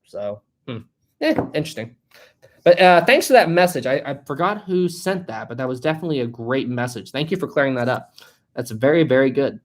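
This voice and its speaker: A live-stream host chatting casually, reading out viewer comments, joking and laughing a lot, and thinking out loud. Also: medium pitch, lively intonation, a little fast. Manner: thinks aloud, with many fillers and restarts.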